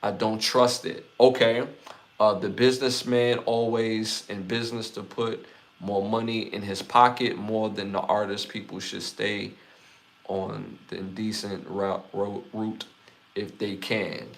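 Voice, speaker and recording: A man with a Brooklyn accent hosting a casual live podcast, reading out chat comments and giving shout-outs in a laid-back way. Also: lowish voice, flat delivery, a little slow, creaky. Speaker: podcast host.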